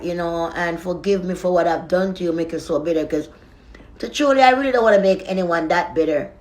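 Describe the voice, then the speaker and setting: A woman, speaking into a phone on a live stream. She rambles softly, moving between prayer and warm reassurance. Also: fairly low pitch, a little fast. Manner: soft, rambling, affectionate reassurance.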